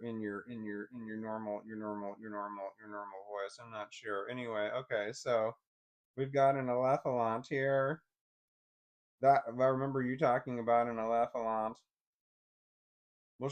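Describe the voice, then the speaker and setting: A man rambling and swearing as he fumbles with zooming a picture on his computer, thinking aloud to viewers. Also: mid-range voice. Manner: rambling, swears often, frustrated muttering. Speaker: vlogger. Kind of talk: casual screen-share commentary.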